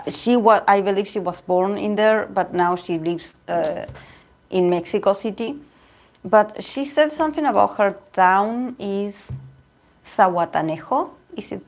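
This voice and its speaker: A woman from Argentina with an Argentine Spanish accent, a Spanish native speaker chatting casually and rambling with viewers on her tarot livestream. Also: medium pitch. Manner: chatty and rambling, with frequent laughs and restarts. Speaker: tarot reader and channel host.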